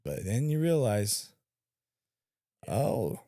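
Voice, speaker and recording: A podcast co-host in casual chat, a man with a fairly low voice that swings widely as he acts out quotes. He swears freely and tells stories with energy. The sound is dry and close. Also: animated, fairly quick, no echo.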